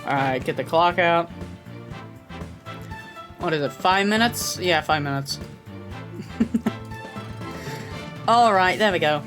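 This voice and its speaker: A woman's voice: fairly low pitch, lively intonation, takes it slowly, pauses often, over music. A woman streamer chatting casually over a game, with laughing asides to her chat. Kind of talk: casual gameplay commentary.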